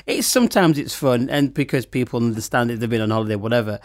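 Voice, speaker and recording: A middle-aged man talks about his wine business in a lively, story-telling way, breaking into laughter often. His voice sits in a middle pitch and is recorded dry and close. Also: fast talker, dry recording. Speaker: wine shop owner. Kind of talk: casual chat.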